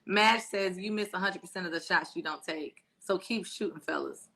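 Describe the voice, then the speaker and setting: A woman's voice: lowish voice, normal speed, creaky, background noise. A woman co-hosting a casual live stream, teasing her co-host and reading viewer comments with brash, profane humor. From born in Spain, raised in Florida and Texas. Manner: brash, teasing, swears freely.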